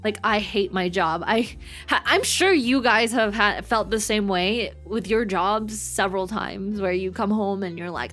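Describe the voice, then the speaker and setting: A woman's voice: medium pitch, measured pace, a bit bright, faint music behind. A woman in her twenties, a streamer and nurse, chatting casually and rambling, repeating words for emphasis. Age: 20s. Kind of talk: casual chat.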